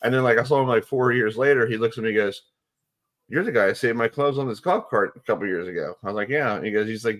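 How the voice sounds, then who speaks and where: A man hosting a sports radio show, chatting casually and telling stories in a rambling, excitable way with lots of fillers. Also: mid-range voice, fast.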